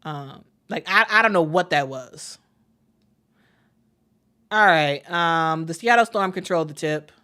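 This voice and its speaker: Woman, fan-channel play-by-play caller; bright, chatty, excitable, talks to viewers. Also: low voice, unhurried, pauses often, smooth. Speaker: play-by-play commentator. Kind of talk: casual live play-by-play stream.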